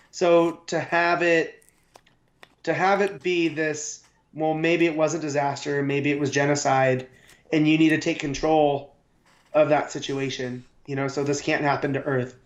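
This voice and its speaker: Slightly high-voiced guy on a comics podcast, echoey room, kinda muffled audio. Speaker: podcast co-host. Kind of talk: casual comic book review chat. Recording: roomy, dull lo-fi sound.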